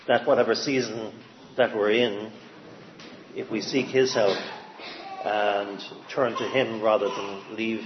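A man giving an informal sermon, halting, with many fillers and restarts as he speaks. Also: on the low side, roomy sound, a little hiss or hum. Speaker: lay preacher. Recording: dull lo-fi sound with faint ambience.

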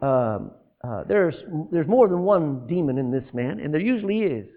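A man preaching a sermon, animated, asking the congregation rhetorical questions and breaking into asides. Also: on the high side, normal speed. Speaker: pastor. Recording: tinny phone-like lo-fi sound.

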